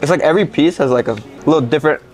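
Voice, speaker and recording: A man's voice: fairly high pitch, racing, a little mellow. A man hosts a casual food tour vlog from a restaurant table. He talks through each dish with eager, vivid reactions, and faint music plays under his voice. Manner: enthusiastic, tasting and reacting aloud. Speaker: food vlogger host.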